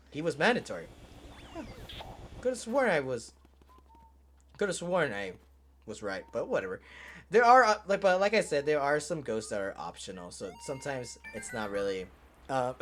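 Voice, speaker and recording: A man's voice: medium pitch, a bit bright, a little hiss or hum. A man giving casual gameplay commentary, rambling, swearing and laughing as he plays. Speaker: let's play host.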